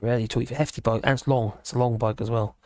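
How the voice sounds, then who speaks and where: A man with a mid-range, darkish voice and fairly even intonation talks at a quick pace with no echo. Hosting a casual live stream, he rambles along and chuckles as he reacts to viewers' comments.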